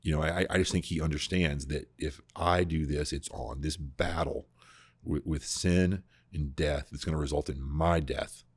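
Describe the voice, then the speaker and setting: A man hosting a podcast, explaining scripture in a casual, animated way, often restarting his sentences. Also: a bass voice, moderate pace, husky, no echo. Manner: animated, full of restarts and repeated words. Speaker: podcast host discussing scripture. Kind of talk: casual conversational Bible teaching.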